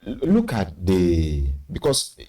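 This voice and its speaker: A man hosting a studio panel discussion, speaking emphatically with sudden upward leaps in pitch. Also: huge pitch swings, slow pace, dark tone. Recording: slightly distant mic with faint noise.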